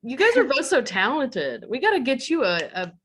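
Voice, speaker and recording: A woman's voice: high voice, very animated, moderate pace, noisy background. A woman from Tennessee, hosting a podcast and praising her guests effusively. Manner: warm, effusive, laughs often. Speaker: podcast host. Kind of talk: casual podcast interview.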